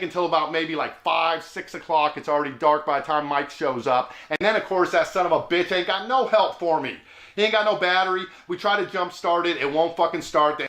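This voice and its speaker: A man's voice: a little high, a bit bright. A man hosting his own channel, telling a story in a laid-back way, swearing a lot and saying "dude.". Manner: profane, laid-back, says "dude" often. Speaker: vlog host. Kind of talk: casual storytelling. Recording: roomy echo.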